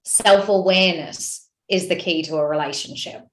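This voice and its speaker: A woman guest coach on a podcast, telling stories in an animated, expressive way. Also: lowish voice, normal speed. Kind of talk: podcast interview. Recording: roomy echoey sound.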